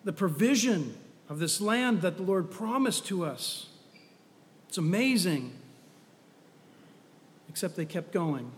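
A man's voice: sits high, sing-song, slow pace, pauses often, in a large hall. A man preaching a sermon in a conversational, storytelling way with humorous asides.

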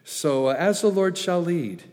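Folksy pastor preaching in a reverberant hall. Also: male voice, sits high, lively intonation, unhurried, darkish tone. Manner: folksy, conversational preaching with asides. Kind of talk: sermon.

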